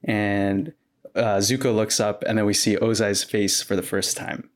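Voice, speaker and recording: A man co-hosting a podcast, casually walking through scenes step by step in a relaxed way. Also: on the low side, unhurried. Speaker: podcast co-host recapping episodes. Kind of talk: casual recap chat.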